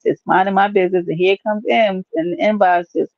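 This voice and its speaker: Woman live-stream host, gravelly, playful rambling chat, dull dry lo-fi sound. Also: mid-range voice, steady tone, brisk, no room sound.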